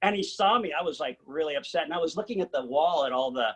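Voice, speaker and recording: A man telling his own story casually to an audience, animated and joking at his own expense. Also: on the high side, fast talker, husky, rough recording. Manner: animated, joking, self-mocking. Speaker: singer-songwriter and cancer survivor speaker.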